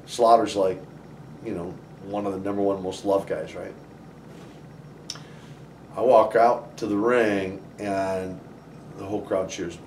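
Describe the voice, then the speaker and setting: Animated man telling stories in a roomy space. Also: low-pitched, unhurried, long pauses, slight background noise. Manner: animated, many restarts and "you know"s. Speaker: interview guest, former wrestler. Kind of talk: conversational storytelling. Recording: roomy, somewhat distant from the mic.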